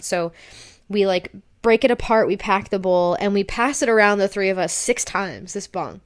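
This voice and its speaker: A young woman with a smooth, resonant voice tells a long personal story on a podcast. She talks casually and acts out her own panicky lines as she goes. Her pitch sits at a middle level for a woman. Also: normal speed. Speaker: podcast co-host.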